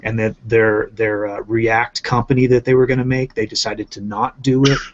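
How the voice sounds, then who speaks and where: A man's voice: lowish voice, flat delivery, normal speed, background noise. A man ranting in casual commentary, swearing often and repeating himself for emphasis. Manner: profane, emphatic, repetitive ranting. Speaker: channel host. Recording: muffled lo-fi audio.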